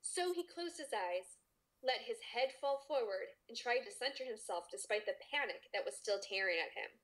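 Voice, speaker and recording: A woman's voice: fairly high pitch, expressive, normal speed, a bit bright, poor audio. A woman co-hosting a podcast, reading erotic fiction aloud expressively and teasing her co-host between passages. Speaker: podcast co-host and story reader.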